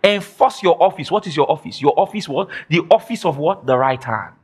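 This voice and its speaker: A man preaching a sermon as pastor, emphatic, repeating phrases and shouting declarations. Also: fairly high pitch, expressive, fairly quick, slightly rough. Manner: quotes imagined listeners in mock voices.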